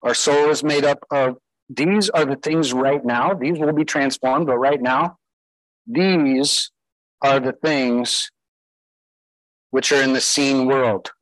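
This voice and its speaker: A man's voice: fairly high pitch, slow, long pauses, dry recording, low-quality recording. A man preaching a sermon as pastor, emphatic, putting rhetorical questions to his listeners.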